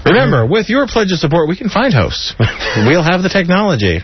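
A community radio host reads a list of jokes on air, chuckling between them in an animated delivery. His voice is high, brisk, and a bit breathy, and the studio recording has the dull, lo-fi quality of a radio broadcast.

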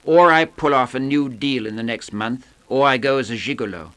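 A man voicing a smug young charmer who drawls slowly with great self-satisfaction. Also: medium pitch, a bit bright, natural voice. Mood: drawling.

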